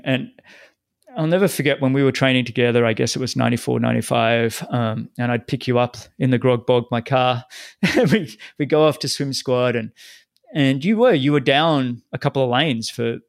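A man's voice: medium pitch, fairly quick, creaky, no echo. A middle-aged man hosting an interview podcast, talking earnestly and restarting his sentences often. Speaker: podcast host. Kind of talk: interview conversation.

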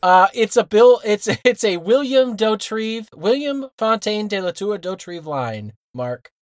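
A man's voice: high-pitched, lively intonation, a little slow, no room sound. Man, podcast co-host, casual chat, emphatic rant, heavy swearing, dry sound. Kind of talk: casual chat reviewing a cartoon episode.

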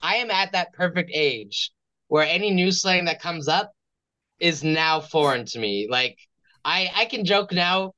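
A man's voice: on the high side, expressive, measured pace, pushed and bright. A man co-hosting a casual podcast, joking and poking fun at himself. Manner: joking, self-mocking. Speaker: podcast co-host. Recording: slightly dull lo-fi mic.

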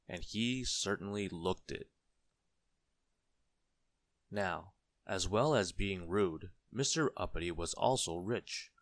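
A man with a very low, deep voice reads a children's storybook aloud. He takes his time and stresses words for effect. The sound is dry and close, with no room echo. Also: a bit bright. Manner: slow, deliberate storytelling with dramatic emphasis.

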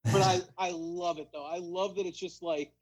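A man's voice: high-pitched, steady tone, normal speed, over a noisy crowd, low-quality recording. A young man chatting casually about football as a podcast co-host, rambling with lots of fillers. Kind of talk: casual sports chat.

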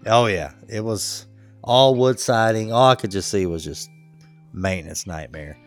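A laid-back man with a lowish voice tells a rambling story to his co-host, chuckling as he goes. Faint guitar music sits under the conversation. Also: measured pace. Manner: laid-back, laughs a lot, acts out quotes. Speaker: podcast co-host. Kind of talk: casual storytelling chat.

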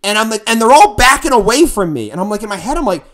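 A fast-talking middle-aged musician with a high voice tells a band story in podcast conversation. Animated and profane, he acts out his own shouting.

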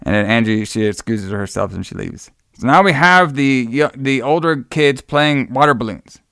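Gravelly-voiced man casually recapping a movie. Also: medium pitch, lively intonation, normal speed, fairly bright tone, dry recording, studio quality. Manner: rambling, laughing, swears freely. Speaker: podcast co-host.

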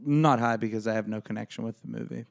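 A man's voice: on the low side, fairly even intonation, fast talker, creaky. A man co-hosting a podcast in casual, self-deprecating chat. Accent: New York. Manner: laid-back, self-deprecating banter. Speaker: podcast co-host.

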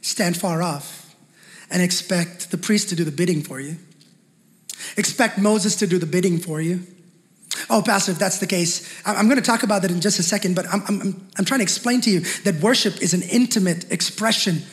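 A man's voice: sits high, fairly quick. A male pastor preaching a fervent sermon with call-and-response, in a large church hall. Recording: long hall reverb.

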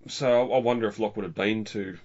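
A man's voice: fairly low pitch, fairly even intonation, brisk, darkish tone. A man co-hosting a podcast, chatting casually and rambling with restarts. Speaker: podcast co-host. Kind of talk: casual film discussion. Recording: dull lo-fi audio.

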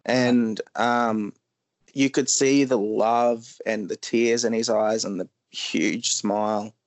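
A man's voice: lowish voice, steady tone, takes it slowly, no echo. A man, a guest on a podcast, talking casually in a rambling, blunt, profane way with many fillers.

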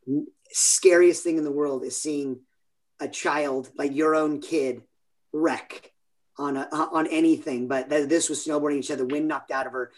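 Man, forties, from California, higher-pitched, casual rambling storyteller. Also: fairly even intonation, moderate pace. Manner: rambling, self-interrupting storyteller. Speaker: podcast guest. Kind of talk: casual interview chat.

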